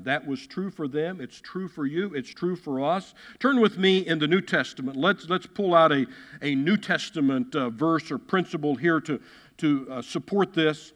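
A man's voice: a little high, moderate pace, a bit bright. A man preaching a sermon as a pastor, emphatic, repeating key phrases and acting out the quotes he reads. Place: church sanctuary. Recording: long hall reverb.

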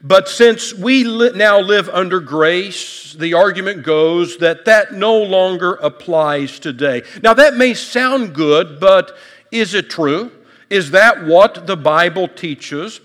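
A man's voice: high-pitched, slow pace, fairly bright tone, long reverb tail. A male pastor preaching a sermon in a conversational, folksy way, with light humor and frequent restarts. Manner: repeats words and restarts often.

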